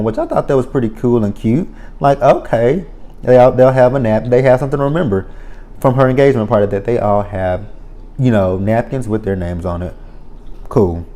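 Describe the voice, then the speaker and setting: A man's voice: medium pitch, mellow. A man giving a casual spoken recap of a reality show, blunt and profane, ranting with exasperation.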